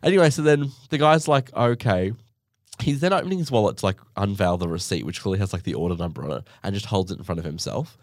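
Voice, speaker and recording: Young Australian man, podcast host, lively sarcastic storyteller with a low voice and a dry, close sound. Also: fast talker, few pauses, no room sound. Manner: animated, sarcastic, acts out others in high mocking voices. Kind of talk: casual storytelling monologue.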